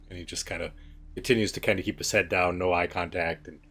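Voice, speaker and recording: A man narrating as game master in a relaxed, rambling way with many fillers. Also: deep voice, fast talker, slightly rough.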